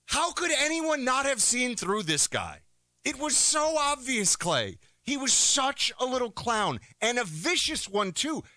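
A man's voice: extremely high pitch, sing-song, measured pace, pushed and bright, no echo. A man co-hosting a talk radio show, delivering heated, emphatic and mocking commentary.

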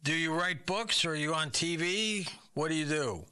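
A man hosting a comic guessing show, his voice very bright and slightly high. He fires off curious, probing questions and reacts with puzzled surprise. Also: moderate pace, clear, resonant tone. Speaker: game show host.

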